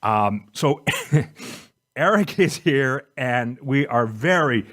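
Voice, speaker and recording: A man in his forties hosting a comedy podcast, telling self-deprecating jokes in a relaxed, chatty way. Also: mid-range voice, extremely slow, dry recording, studio quality. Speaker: podcast host. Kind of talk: casual comedic interview chat.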